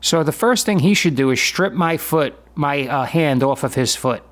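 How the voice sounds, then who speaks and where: Man in his fifties giving calm commentary. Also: a little high, normal speed. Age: 50s. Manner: matter-of-fact, explanatory, conversational. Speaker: jiu-jitsu practitioner narrating his own sparring footage. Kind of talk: voice-over commentary on a sparring video.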